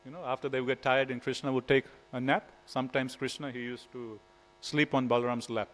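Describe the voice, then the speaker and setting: A man's voice: mid-range voice, fairly even intonation, brisk, poor audio. A man giving a devotional scripture class in a temple, telling stories in a casual way with frequent "you know". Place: temple hall.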